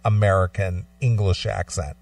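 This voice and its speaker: A man's voice: deep voice, steady tone, moderate pace, vocal fry, darkish tone, far from the mic. A man hosting a live radio show, rambling through a story with frequent laughter. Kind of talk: casual banter on live radio.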